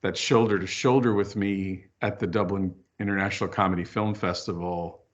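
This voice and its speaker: A man's voice: low-pitched, moderate pace. A man, a filmmaker and author being interviewed, talking candidly and telling stories. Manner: candid, storytelling, lively asides. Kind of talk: casual interview chat. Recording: dull lo-fi audio.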